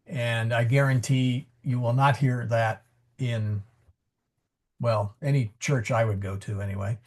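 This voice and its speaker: A man with a mid-range voice teaches Latin pronunciation slowly over a video call, pausing often. The online lesson includes questions, and he stays chatty, correcting himself along the way and adding a joking aside.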